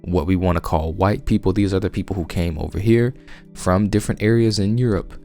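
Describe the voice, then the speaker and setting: Southern US man, very low voice, insistent podcast preacher, faint music behind. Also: fairly quick, mellow. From United States. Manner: emphatic, insistent, frequent restarts. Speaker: religious podcast host. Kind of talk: conversational Bible teaching.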